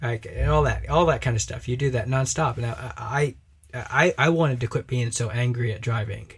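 Man, husky, emphatic, preachy, podcast co-host, casual discussion. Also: medium pitch. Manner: emphatic, preachy, quick to act out quoted voices.

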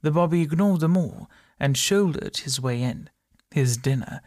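A man narrating a story in a steady, measured audiobook reading. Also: on the high side, no room sound, clean studio sound.

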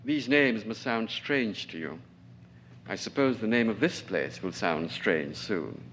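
Guy reading out a bossy sneering colonel, snappy and cold, pitch jumps around a lot. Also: animated, a little slow, slight background noise. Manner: clipped, scornful, sudden sharp outbursts. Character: stern aging male colonel, cutting, domineering.

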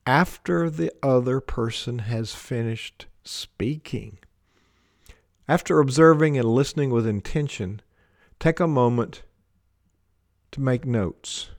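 A man giving a measured talk on leadership, laying out his points one by one with deliberate emphasis. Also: medium pitch, no echo, studio quality. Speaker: leadership speaker.

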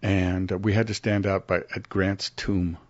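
An older man with a low voice tells anecdotes as a guest in a relaxed interview, and he jumps up in pitch whenever he acts out what someone said. The sound is dry and close, a little muffled in the top end. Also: normal speed, no echo. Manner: animated, acts out quotes with big pitch jumps. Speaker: guest actor. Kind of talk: casual interview storytelling. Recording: dry, slightly muffled studio audio.

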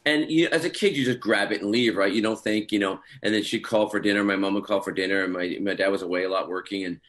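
Low-voiced guy talking fast in an interview, rambly, lots of you knows. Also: fairly bright tone. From Scottish heritage through his parents. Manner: rambling storytelling, many fillers. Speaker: actor guest. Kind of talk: casual interview chat.

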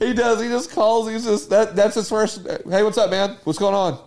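Casting: man, high-pitched, animated storyteller on a chat podcast. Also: a little fast, few pauses. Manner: animated storyteller, acts out family members' lines. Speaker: podcast co-host. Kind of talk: casual chat.

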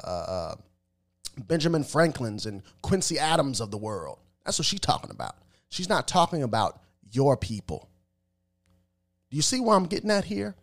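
A man giving emphatic, preachy commentary with religious references, often repeating words as he stumbles. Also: fairly high pitch.

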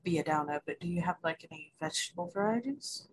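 A woman's voice: lowish voice, expressive, fast talker, slight background noise, rough recording. A woman playing a tabletop game, casual, playful and eager, often laughing. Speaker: player.

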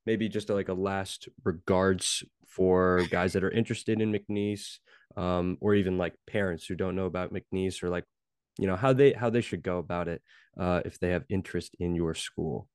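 A man's voice: low voice, steady tone, normal speed, darkish tone, smooth, no echo, studio quality. A young man hosting a casual interview, easygoing and affirming as he asks questions. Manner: easygoing, affirming, laughs along. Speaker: podcast host, former minor league player.

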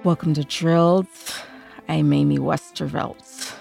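A woman putting on a comic impression of a serious, apologetic woman podcast host, speaking low and slowly. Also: fairly even intonation, vocal fry, over music, heavily acted. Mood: solemn.

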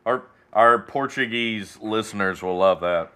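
A man's voice: on the low side, a little slow, pushed and bright, smooth. A man co-hosting a podcast, riffing in a sarcastic, joking manner. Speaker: podcast co-host. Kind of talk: casual chat.

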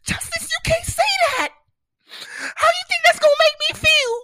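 A man imitating his crying young ex-girlfriend in a high, cracking, shouting voice. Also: moderate pace, slight background noise. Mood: tearful. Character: tearful young woman ex-girlfriend, emotional.

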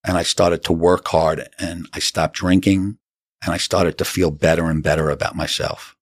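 A middle-aged man with a very low voice tells his life story in an earnest, unhurried way. He acts out remembered conversations as he goes. The sound is dry and close, with no room around it. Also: flat delivery, slightly rough, no room sound. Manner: earnest, acts out quoted dialogue. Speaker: author and interview guest. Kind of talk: reflective storytelling in an interview.

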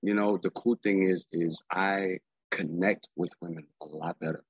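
A man's voice: deep voice, fairly even intonation, normal speed, husky, no room sound, highs cut off. A man talking as a guest in a candid, casual interview, streetwise and profane, rambling and often saying "you know what I'm saying".

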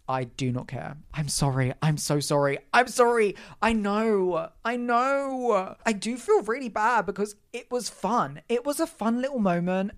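A young adult podcast host talking alone in a casual, campy, sarcastic rant, full of asides and apologies. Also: mid-range voice. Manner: animated, campy, sarcastic ranting with frequent asides.

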